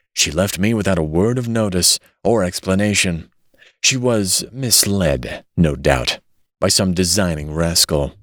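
男性が演じる滑らかな口調の悪党紳士. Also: male voice, sits low, fairly bright tone, no room sound, studio quality, heavily acted. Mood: composed. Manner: smooth, composed, polite. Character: smooth, scheming gentleman villain.

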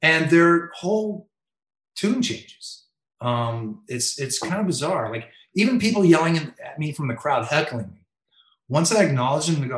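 A man's voice: on the high side, normal speed, roomy sound, low-quality recording. A man, a veteran umpire, telling stories in an interview and acting out other people's lines in a raised voice. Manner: animated, acts out quotes with raised voice. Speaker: MLB umpire guest. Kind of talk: storytelling in interview.

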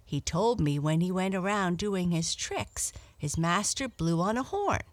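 A woman reading a storybook aloud and voicing a polite, homesick female black cat, raising her pitch. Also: big pitch swings, measured pace, dry recording. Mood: surprised.

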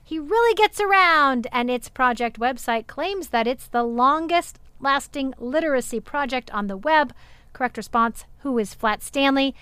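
Woman, podcast co-host, from Arizona, upbeat and animated, higher voice, dry studio sound. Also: moderate pace, clear, resonant tone, dry recording. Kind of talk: casual chat recapping game shows.

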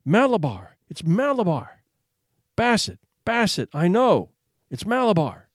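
A man voicing a feverish young boy who cries out in high, breathless exclamations in a read-aloud story. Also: huge pitch swings, a little slow, no room sound, studio quality, full character voice. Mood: delirious.

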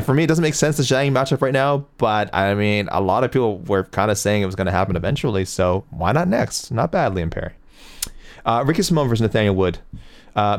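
A man with a slightly low voice hosts a fight talk show and reads through viewer picks. He rambles, corrects himself as he goes and chuckles along the way. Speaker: MMA show host reading viewer picks. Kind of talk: casual chat.

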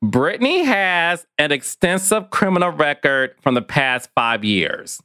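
A man's voice: a little high, very animated, measured pace, bright, forceful tone, clear, resonant tone, dry recording, studio quality. A man hosting a gossip podcast, sassy and chatty, calling listeners "child" and "honey". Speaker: podcast host.

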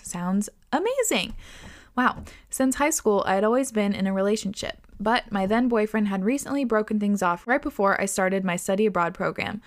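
A woman hosting a podcast, reading listener stories aloud in an expressive way, swearing and laughing often. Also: medium pitch, normal speed. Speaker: podcast host.

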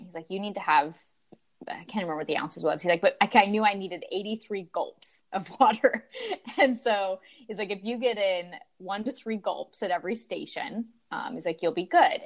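A woman from Utah, a podcast guest, telling a race story in a lively, grateful way with lots of "like" fillers. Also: mid-range voice, normal speed. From Utah, USA. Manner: animated, grateful, full of "like" and "um" fillers. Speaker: podcast guest, marathon runner. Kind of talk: conversational interview storytelling.

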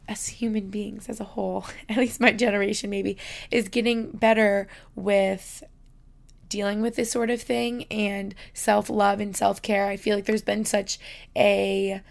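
A young woman hosts a solo podcast in a mid-range, gravelly voice, chatty and heartfelt, using "like" a lot. At times she's on the verge of tears.

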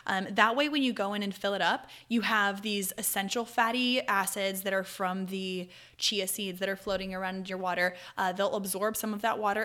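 A woman's voice: mid-range voice, a bit bright. Chatty young woman giving travel tips. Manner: chatty, loose, with fillers and self-corrections. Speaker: podcast host. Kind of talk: casual advice talk.

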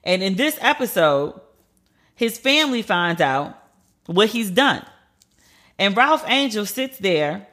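Bright-voiced woman ranting bluntly. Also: medium pitch, big pitch swings, takes it slowly, pauses often. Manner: blunt, profane, incredulous. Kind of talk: casual TV and news commentary.

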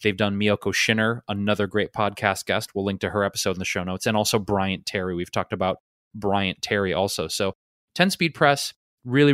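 A man co-hosting a podcast, telling a long story in a relaxed, rambling way with fillers. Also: fairly low pitch, dry recording, studio quality. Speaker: podcast co-host. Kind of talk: casual storytelling.

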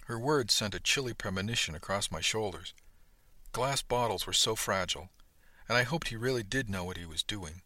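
A man narrating a novel in the first person, steady, with quiet speech tags. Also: lowish voice, normal speed, no echo. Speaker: audiobook narrator.

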